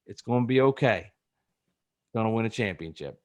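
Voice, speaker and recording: A man's voice: fairly low pitch, lively intonation, normal speed. A man co-hosting a sports podcast in casual chat, earnest and prone to stammering restarts. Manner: earnest, stammers and repeats words. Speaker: podcast co-host.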